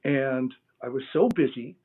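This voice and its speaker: A middle-aged man, a guest in an interview, tells a personal story in an animated way and acts out the dialogue. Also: medium pitch, a little slow, slight background noise. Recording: tinny phone-line audio.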